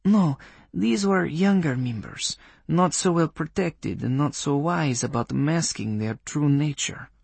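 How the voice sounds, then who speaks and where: A man's voice: fairly high pitch, a little slow, vocal fry, darkish tone, slightly rough, no echo, voice pushed up, heavily acted. A man voicing a stern, commanding woman witch leader with a Polish accent, speaking in a clipped, formal, scolding way.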